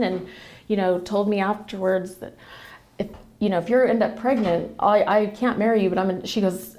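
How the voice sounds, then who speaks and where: A woman guest on a podcast, talking through a personal family story in a casual, animated way. Her voice has a gravelly, creaky edge, and she keeps slipping into the voices of the people she quotes. Her pitch sits in an ordinary middle range. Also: a little fast. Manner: animated retelling, acting out quoted dialogue.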